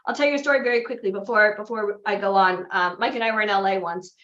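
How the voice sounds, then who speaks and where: Speaking fast in a medium-pitched voice with a bit of brightness, a woman coaches would-be actors and models at a live seminar. Her motivational talk is full of chatty stories and frequent "right?" check-ins. The recording sounds echoey and slightly dull.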